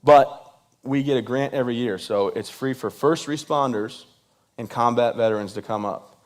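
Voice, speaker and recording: A man's voice: mid-range voice, normal speed. A man in his thirties giving a joking speech to a live audience, playfully acting out the voices of people he quotes. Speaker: event speaker.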